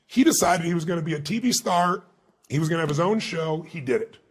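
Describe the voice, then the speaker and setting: A man being interviewed as an author, telling stories in an emphatic, animated way and acting out the dialogue. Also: fairly high pitch, quick pace, husky. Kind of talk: interview storytelling.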